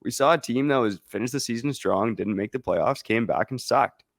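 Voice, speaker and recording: A man co-hosting a sports podcast, explaining his points in a measured way with many fillers. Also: mid-range voice, no room sound, studio quality. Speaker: podcast co-host. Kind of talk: casual sports podcast chat.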